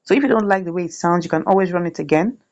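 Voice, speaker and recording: Lower-voiced woman teaching casually. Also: rapid-fire, darkish tone, highs cut off. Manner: chatty, repeats "right?" often. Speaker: YouTube tutorial host. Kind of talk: screen-share tutorial.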